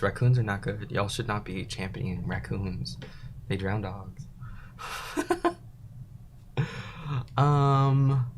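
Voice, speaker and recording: A man's voice: on the low side, a little mellow, slight background noise. A young man hosting a casual livestream, reading chat messages aloud and answering them in a rambling, laid-back way, laughing often.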